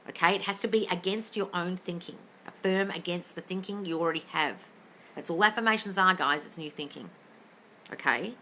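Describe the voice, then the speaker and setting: A woman's voice: on the low side, fairly quick, bright, forceful tone, a little hiss or hum. A woman coaching listeners in a casual live-stream Q&A, blunt and sweary, calling everyone darling. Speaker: manifestation coach answering live questions. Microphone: phone.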